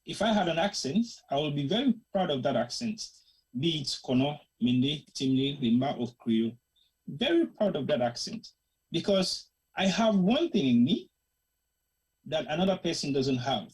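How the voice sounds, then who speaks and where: A husky, mid-pitched voice with a Sierra Leonean, Krio-tinged English accent. This show host delivers an opinionated commentary monologue with real passion. The talk is emphatic and slips easily into Krio phrases. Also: sing-song, moderate pace, a little mellow, low-quality recording. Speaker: host of a current-affairs discussion show.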